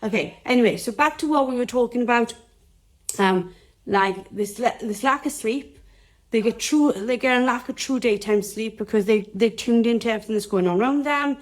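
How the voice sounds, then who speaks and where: A woman's voice: fairly high pitch, normal speed. Chatty Welsh woman teaching live. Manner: chatty, rambling, addresses viewers directly. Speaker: dog trainer hosting a live session. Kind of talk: casual live-stream teaching talk.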